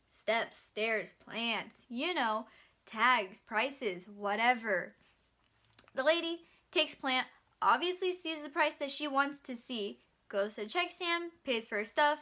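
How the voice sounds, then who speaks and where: Young woman vlogger, high and bright, chatty, animated, casual swearing. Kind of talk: casual storytelling.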